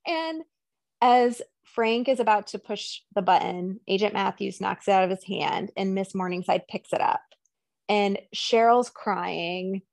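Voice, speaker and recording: On a podcast, a female co-host chats through a movie recap, animatedly voicing the characters as she quotes them. She speaks unhurriedly in a creaky, mid-range voice, with clean studio sound and no echo.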